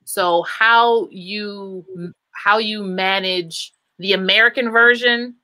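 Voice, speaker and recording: Woman, panel moderator, bright forceful voice, dry close sound, long winding questions, frequent restarts. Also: mid-range voice, fairly even intonation, takes it slowly, no room sound, low-quality recording. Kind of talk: moderating a live panel discussion.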